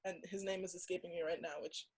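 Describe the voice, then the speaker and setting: Young woman telling a story in halting bursts. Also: fairly low pitch, fairly even intonation, husky, rough recording. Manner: halting, many restarts and "like" fillers; earnest storytelling. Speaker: podcast guest. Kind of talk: casual conversation.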